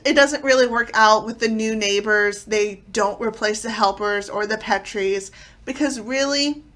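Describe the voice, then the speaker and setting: Bright-voiced woman chatting about TV. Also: mid-range voice. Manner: chatty, conversational, loosely paced. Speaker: video host. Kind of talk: casual TV episode review.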